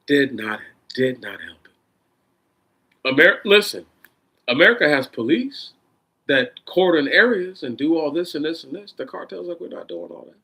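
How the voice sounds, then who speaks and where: A man in an unscripted, profane rant, swinging between loud bursts and a held-down, controlled tone. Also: fairly high pitch, animated, moderate pace, slightly rough. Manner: says he is holding his voice down in a controlled tone. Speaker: vlogger.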